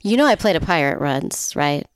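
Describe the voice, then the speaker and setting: A woman co-hosting a podcast, reacting with jokes and expressive asides in casual chat. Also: low voice, moderate pace, clear, resonant tone, no room sound, studio quality. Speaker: podcast co-host.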